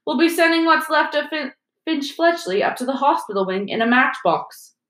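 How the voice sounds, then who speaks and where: A woman's voice: sits high, expressive, moderate pace, fairly bright tone, voice pushed up. A woman doing a sneering cold male teacher. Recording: roomy echo.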